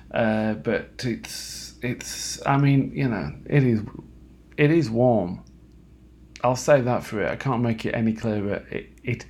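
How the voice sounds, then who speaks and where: A man talking alone at home late at night, halting and self-mocking, with lots of fillers and restarts. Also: fairly low pitch, darkish tone. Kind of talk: rambling late-night monologue.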